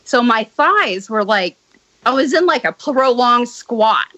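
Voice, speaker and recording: Bright-toned woman telling a wild story. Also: a little high, takes it slowly, dry recording, low-quality recording. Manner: blunt, swears freely, animated retelling. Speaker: podcast guest. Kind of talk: casual storytelling.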